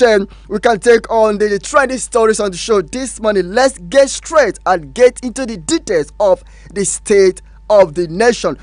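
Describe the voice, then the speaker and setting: Nigerian male radio host, high voice, dry close studio sound, emphatic with fillers. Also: no echo. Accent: Nigerian English. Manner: emphatic, repeats phrases, frequent fillers. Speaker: radio news show host. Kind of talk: radio talk show commentary.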